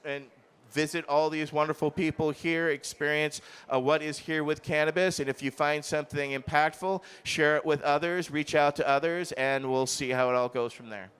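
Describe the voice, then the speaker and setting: A man who is a veteran advocate giving hesitant closing remarks to an audience, with many pauses and fillers. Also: a little high, fairly even intonation, fairly bright tone, smooth. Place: expo hall stage.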